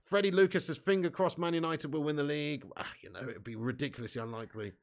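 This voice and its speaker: A man hosting a casual live stream, reading out viewer comments in excitable, laughing, sweary, matey banter. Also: fairly high pitch, fast talker.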